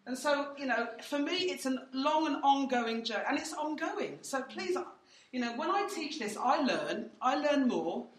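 A woman with a high-pitched, expressive voice speaks at a moderate pace, far from the mic in a roomy, off-mic recording. Teaching in church, she gives her testimony in a chatty way with many fillers, voicing other people in quotes.

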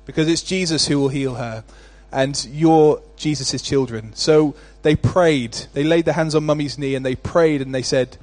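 A male pastor delivering a sermon in a rhythmic, repetitive cadence that builds to forceful declarations. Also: on the high side, moderate pace, few pauses, no room sound.

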